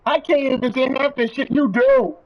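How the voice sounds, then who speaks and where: High-voiced guy ranting on a stream, swearing a lot, muffled lo-fi audio. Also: fairly even intonation, normal speed. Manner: heated, profane, ranting. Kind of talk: angry rant.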